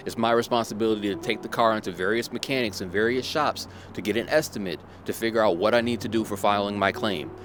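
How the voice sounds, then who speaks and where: A man's voice: on the low side, background noise. A man telling a personal story in a motivational monologue, emphatic and repeating his key points to drive them home. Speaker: motivational vlogger.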